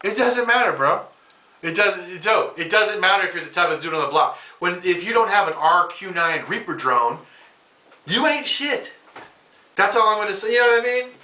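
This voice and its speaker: A man's voice: high-pitched, animated, moderate pace, pushed and bright. A male comedian host from the United States, rambling through a casual comedic monologue and calling the listener "bro". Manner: rambling, ranting, slangy with "bro". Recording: echoey room, mic at a distance.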